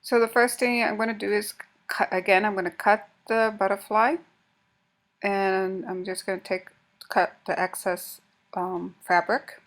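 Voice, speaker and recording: A woman's voice: mid-range voice, steady tone, measured pace, a bit bright. Casual woman demonstrating a craft. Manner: casual, talks while working, frequent restarts. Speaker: craft tutorial host.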